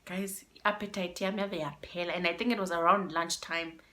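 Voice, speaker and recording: A young South African woman with a South African accent telling a storytime vlog, animated and switching between English and isiXhosa phrases. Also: on the low side, normal speed. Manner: animated, mixes in isiXhosa phrases, addresses viewers as guys. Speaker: YouTuber.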